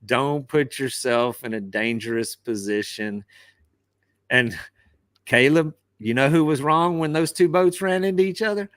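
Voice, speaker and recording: A man with an average pitch gives plain cautionary advice to other anglers. He tells his boating stories in a casual podcast chat over a remote call. The sound is dry and close. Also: a little slow, fairly bright tone, no room sound. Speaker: fishing captain, podcast co-host. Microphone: remote call over wifi.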